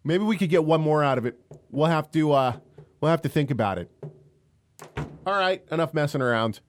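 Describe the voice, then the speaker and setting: A man's voice: on the high side, animated, fairly quick, slight background noise. A young adult man co-hosting an online radio show, joking and rambling in casual chat and laughing often.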